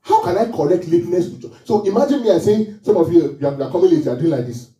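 A man's voice: sits high, expressive, racing, dark tone, far from the mic. Man preaching in an echoey church. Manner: call-and-response preaching, repeating phrases, rhetorical questions. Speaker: pastor. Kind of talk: sermon.

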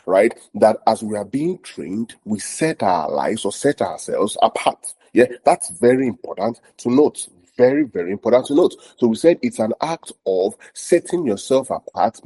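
A man teaching a sermon to his congregation in a low, mellow, slightly husky voice. He repeats his points and often checks that listeners follow, with frequent fillers. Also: poor audio. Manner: many "um" fillers. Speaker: pastor.

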